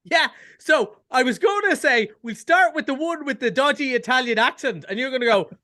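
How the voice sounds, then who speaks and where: An Irish man reviewing films on a radio chat show, chatty and enthusiastic with quick jokes and asides. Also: extremely high pitch, expressive, sharp tone. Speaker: cinema film reviewer. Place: radio studio.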